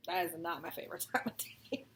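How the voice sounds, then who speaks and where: A woman's voice: lowish voice, fast, fairly bright tone, a little hiss or hum. A woman in her thirties, raised in Texas, chatting in a rambling, self-deprecating way while she stitches. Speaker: stitching vlogger. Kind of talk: casual chat while stitching.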